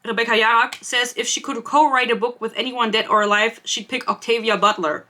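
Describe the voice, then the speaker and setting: A woman's voice: on the high side, steady tone, a little fast, sharp tone. A young woman hosting a casual book-gossip podcast, chatty and self-mocking, swearing freely. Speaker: podcast host. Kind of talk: casual chat.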